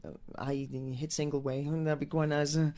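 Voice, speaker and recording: A man's voice: fairly high pitch, level tone, brisk, warm tone. A man from Newcastle, England, with an accent mixing American and Northern English, answering interview questions about his stage career in a rambling way with many restarts. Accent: mix of American and Northern English. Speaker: musical theatre actor and singer.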